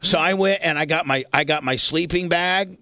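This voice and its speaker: A radio host from Indiana talks in a slightly high voice, rambling through a story with plenty of swearing and jokes at his own expense. The sound is dry and close, with no room around it. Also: moderate pace, sharp tone, no echo. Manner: profane, rambling, self-deprecating. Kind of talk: casual storytelling chat.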